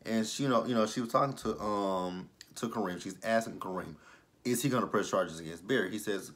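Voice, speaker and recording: A man with a fairly low voice talks through a TV episode in a relaxed, chatty recap. He wanders through his sentences with plenty of fillers and asides, and he sounds like he's just talking to a friend. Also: fairly quick. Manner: chatty, loose, with many fillers. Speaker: TV show reviewer.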